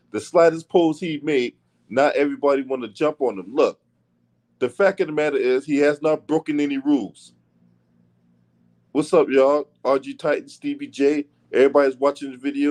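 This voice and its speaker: A man's voice: fairly high pitch, a little mellow. Blunt profane man ranting about sports. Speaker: sports commentary channel host. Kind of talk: casual commentary.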